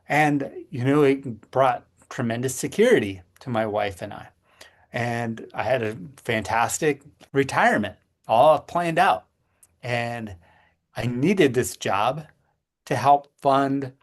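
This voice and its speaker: A middle-aged man, a podcast co-host, telling a personal story in casual chat, earnest and halting with frequent restarts. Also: mid-range voice.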